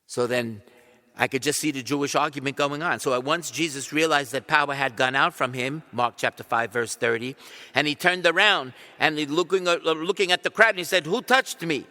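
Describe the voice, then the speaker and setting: A male priest preaching a retreat talk in a large church, telling the story animatedly. He swings from loud bursts to near whispers. His voice is bright and forceful, with a long reverb trailing behind it. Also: on the high side, fairly quick. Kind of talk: retreat sermon.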